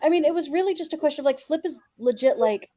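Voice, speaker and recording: A woman's voice: high voice, lively intonation, quick pace, warm tone, rough recording. A woman player in a tabletop game, talking at length through her character's reasoning in casual chat.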